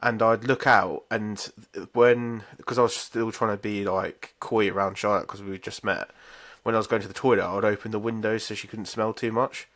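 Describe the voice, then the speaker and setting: A man's voice: fairly low pitch, little pitch movement, normal speed, hardly any pauses, a bit bright. A man, a podcast co-host telling stories in casual chat, blunt and sweary.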